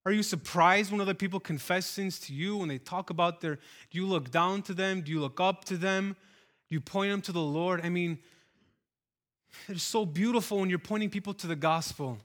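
A pastor delivers a sermon in a high, bright voice. He talks earnestly and conversationally, then builds into forceful, repeated calls to his congregation. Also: moderate pace.

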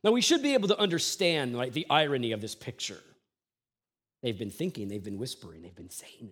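A male pastor preaching a sermon, moving from hushed, quiet passages to loud, emphatic ones and acting out mocking voices from the scripture he reads. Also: medium pitch, lively intonation, a little fast, breathy edge. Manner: acts out mocking voices while reading scripture.

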